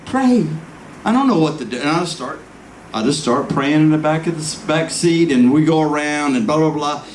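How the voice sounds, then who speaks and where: Brisk and a little high in pitch, a man delivers a rambling birthday toast to his friend, emotional and frequently breaking into laughter. It's captured at a party venue by a distant, echoey room mic with background noise.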